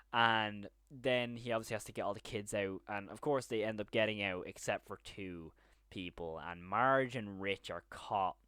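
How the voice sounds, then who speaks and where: A man's voice: fairly low pitch, fairly bright tone, clean tone, dry recording, clean studio sound. A man giving a casual, enthusiastic and rambling review of a TV series, now and then acting out lines from the scenes. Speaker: show reviewer.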